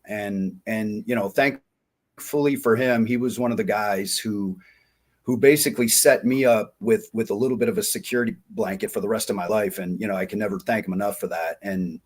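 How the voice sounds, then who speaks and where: A man in his forties telling war-buddy stories in a folksy, animated way on a casual interview. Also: on the low side, slightly rough. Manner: folksy, animated, acts out quoted dialogue. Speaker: podcast guest, diving company founder.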